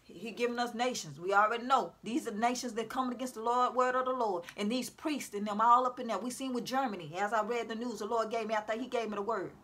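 At home, a self-styled prophetic speaker with a high, bright voice preaches to viewers at a quick pace, hardly pausing. Her informal religious exhortation is preachy and repetitive, and she calls out to her audience.

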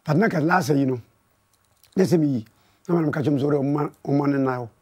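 A Ghanaian man with a Ghanaian accent, a musician guest chatting casually in an interview and telling his story softly. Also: a little high, quick pace, slightly rough.

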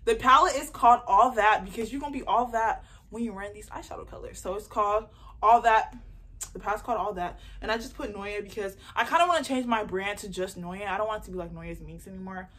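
A young woman chatting casually in an unboxing vlog, excitable and rambling as she talks about her beauty business, recorded on a phone. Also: medium pitch, fast. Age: young adult. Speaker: beauty entrepreneur and vlogger. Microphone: phone camera mic.

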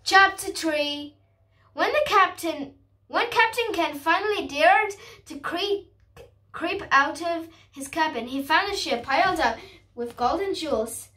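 A woman reading a storybook aloud, carefully and haltingly, restarting words as she goes. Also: extremely high pitch, sharp tone, recorded from a distance.

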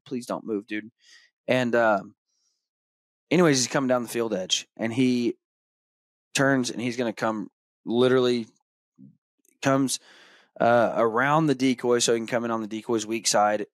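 A man in his thirties hosting a podcast, telling a hunting story in a casual, animated way. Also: medium pitch, no echo, clean studio sound. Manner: animated retelling, acts out his son's excited shouts. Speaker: podcast host.

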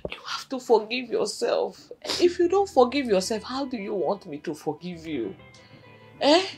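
An actress with a Nigerian accent playing a kind, motherly village woman who comforts and coaxes with soft questions. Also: fairly high pitch, sing-song, normal speed, faint music behind. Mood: soothing. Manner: soothing, coaxing, gently questioning.

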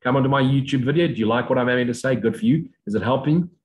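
A man giving an unscripted spiritual lecture, blunt and profane, mocking other views in sudden high voices. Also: rapid-fire, low-quality recording. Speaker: spiritual teacher.

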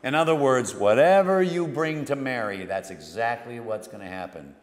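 A man preaching a homily as a priest, telling the story dramatically and moving between hushed and emphatic delivery. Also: medium pitch, animated, moderate pace. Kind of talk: sermon. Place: church. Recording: long church reverb.

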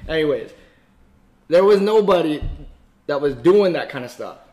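A man's voice: on the high side, lively intonation, normal speed, dark tone. A man hosting a reaction video, casual and profane, talking back at the screen.

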